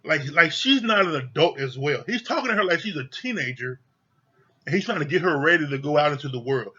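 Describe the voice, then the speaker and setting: A man's voice: fairly high pitch, lively intonation, brisk, bright, forceful tone, breathy edge, lo-fi sound. A man giving a heated, profane rant reviewing a reality TV show, exasperated and repeating his points for emphasis.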